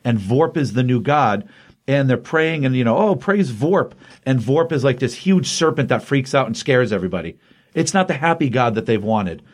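A man's voice: medium pitch, expressive, moderate pace. A man casually recapping a comic book issue, chatty and rambling, often acting out the characters' lines. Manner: chatty, rambling, acts out quotes.

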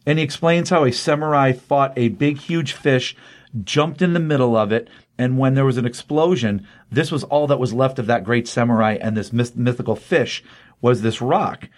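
A man casually recapping a comic book story, lively, with quick voices for the characters he quotes. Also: mid-range voice.

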